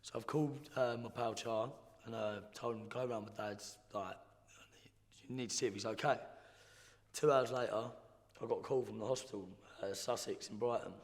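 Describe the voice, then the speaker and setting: A young man, telling his life story in a blunt, slangy, halting way as a podcast guest. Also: mid-range voice, fairly even intonation. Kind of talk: casual storytelling. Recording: roomy hall reverb.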